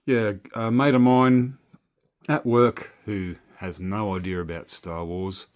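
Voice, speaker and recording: A man's voice: on the low side, little pitch movement, slow, darkish tone. A man with an Australian accent, chatting casually and rambling through a story as a toy collector vlogger. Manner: chatty, meandering, swears casually.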